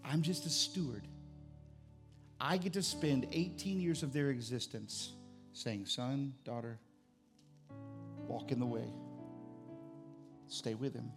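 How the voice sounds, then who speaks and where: A middle-aged man preaches a sermon to his congregation, his voice gravelly and worn at the edges. He drives his points home through loud, emphatic repetition, then drops low and quiet. Soft instrumental music plays faintly beneath him. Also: slow pace, pauses often. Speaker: pastor. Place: church service.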